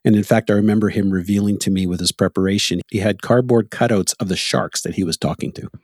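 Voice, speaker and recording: Husky-voiced Canadian man, chatty. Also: lowish voice, quick pace, dry recording, studio quality. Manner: animated, laughs often, tells anecdotes. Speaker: podcast host. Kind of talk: casual conversation.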